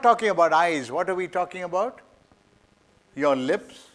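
A man preaching a sermon with dramatic storytelling, acting out voices and swinging from loud declarations to hushed asides. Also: high voice, animated, normal speed, long pauses.

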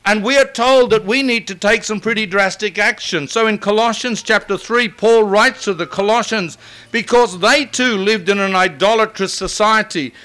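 Older man, sermon, high bright voice, smooth and clear, emphatic. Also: normal speed. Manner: emphatic, building to forceful repetition. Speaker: preacher.

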